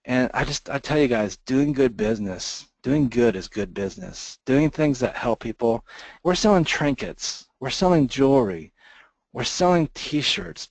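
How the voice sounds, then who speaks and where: A man presenting a webinar, making an emotional sales pitch and choking up as he talks. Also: no echo, rough recording. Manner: earnest, gets choked up telling a story. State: emotional, near tears.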